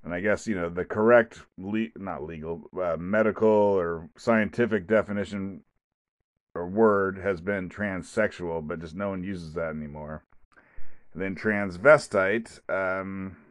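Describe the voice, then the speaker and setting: A man's voice: deep voice, unhurried, no echo. A man hosting his own podcast, talking alone in a rambling, casual way with many restarts and asides. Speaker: podcast host. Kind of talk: casual solo podcast monologue.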